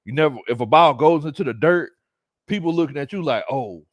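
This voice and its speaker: A man's voice: on the high side, fast talker, no echo. A man hosting a casual live-stream sports chat, reading viewer comments aloud and laughing often. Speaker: sports talk show host.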